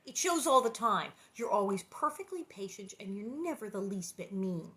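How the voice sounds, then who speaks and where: A woman voicing an honest, eager young girl in a storybook read-aloud, speaking emphatically with a voice that jumps high. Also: expressive, moderate pace, a bit bright, close to an everyday voice. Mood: insistent.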